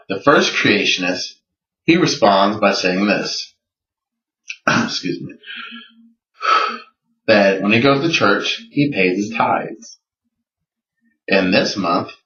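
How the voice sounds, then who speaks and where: A man's voice: lowish voice, sharp tone. A man telling a story in a personal video submission, earnest and incredulous as he recounts conversations. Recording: roomy, distant, dull lo-fi recording.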